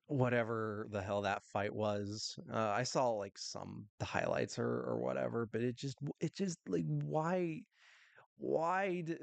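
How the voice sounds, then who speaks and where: Young male podcast host, gravelly voice, dry close sound, rambling and self-interrupting. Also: on the low side, no echo. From United States. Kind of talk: solo casual sports talk.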